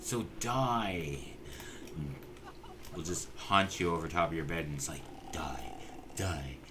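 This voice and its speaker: Deep-voiced, exasperated swearing streamer. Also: male voice, lively intonation, a little slow, background noise. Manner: exasperated, profane, talks to the characters. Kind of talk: casual gameplay commentary.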